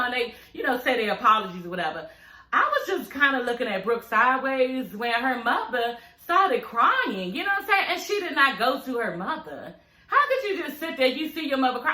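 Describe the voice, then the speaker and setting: A woman recapping a reality TV show in a sassy, profane, animated way, talking straight to her viewers. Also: mid-range voice, roomy sound. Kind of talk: casual, profane recap chat.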